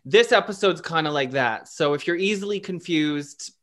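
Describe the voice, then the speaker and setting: A man's voice: fairly high pitch, lively intonation, normal speed, fairly bright tone. A man co-hosting a podcast, telling rambling personal stories in a playful, self-deprecating way. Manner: rambling, laughing storyteller. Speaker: podcast co-host. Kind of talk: casual chat.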